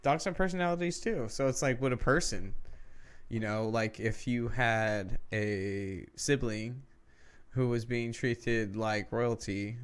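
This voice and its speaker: A man's voice: mid-range voice, takes it slowly, clean tone. Man rambling hesitantly in casual chat. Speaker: podcast co-host.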